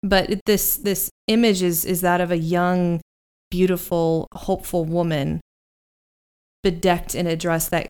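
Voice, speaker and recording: A woman narrating as game master of a tabletop game, descriptive and unhurried, with halting restarts. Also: fairly low pitch, flat delivery, darkish tone, clean tone, faint music behind.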